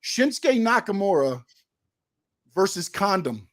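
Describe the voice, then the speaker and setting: A high-voiced man co-hosting a wrestling talk show who argues and doubts everything. His pitch jumps around in lively swings, and he keeps firing questions at his partner. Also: slow pace. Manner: skeptical, argumentative, leans on questions. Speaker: co-host.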